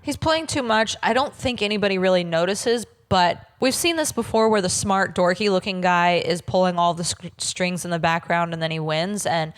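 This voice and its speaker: A woman's voice: fairly low pitch, normal speed, few pauses. A woman co-hosting a casual podcast, retelling events and mimicking people in dramatic voices. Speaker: podcast co-host. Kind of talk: casual chat recapping a reality show.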